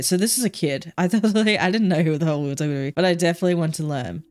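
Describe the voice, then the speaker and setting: A woman's voice: fairly low pitch, racing, hardly any pauses, darkish tone. A woman streamer playing a story game, chatty and laughing, swearing freely as she reacts. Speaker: VTuber streamer. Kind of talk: casual game commentary and reading aloud.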